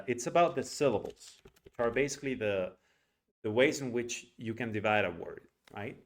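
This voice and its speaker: A young man whose first language is Spanish gives a casual spoken pronunciation lesson, animated and acting out sounds as he explains them. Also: mid-range voice, normal speed. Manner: animated, demonstrates sounds aloud with filler words. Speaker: English pronunciation teacher.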